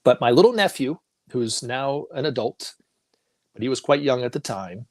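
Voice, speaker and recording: A man's voice: mid-range voice, expressive, normal speed, dry recording. A man talking as a guest on a talk show, telling stories casually and acting out the voices of the people in them, laughing often.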